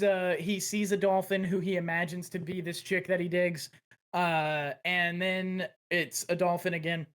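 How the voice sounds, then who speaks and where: A man's voice: sits high, fairly bright tone. A man co-hosting a casual podcast chat, talking in an enthusiastic, profane and rambling way. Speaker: podcast co-host.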